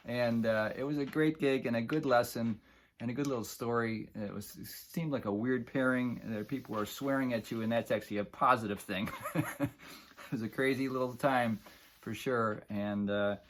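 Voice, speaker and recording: A middle-aged man from the Buffalo area tells an old gig story in a loose, unhurried way. He rambles, restarts and chuckles often, his voice sitting at an ordinary pitch. A faint noise runs under the recording. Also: fairly even intonation. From Buffalo area, New York. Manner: rambling, chuckling, many fillers. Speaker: musician telling a story. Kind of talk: casual spoken storytelling.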